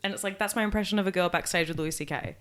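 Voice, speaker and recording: An Australian woman, a guest comedian, talking in a casual, animated podcast chat full of fillers and swearing. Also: fairly low pitch, rapid-fire.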